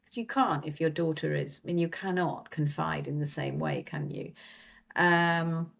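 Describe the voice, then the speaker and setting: A woman, an actress guest, talking casually in an interview, animated, often laughing and restarting her sentences. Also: low-pitched, normal speed, vocal fry.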